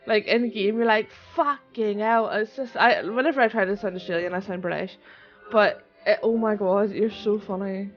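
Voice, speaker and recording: A young woman from Northern Ireland with a Northern Irish accent, chatting casually and excitably on a live stream and swearing often. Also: medium pitch, moderate pace. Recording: dull lo-fi stream audio with soft music. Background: soft music.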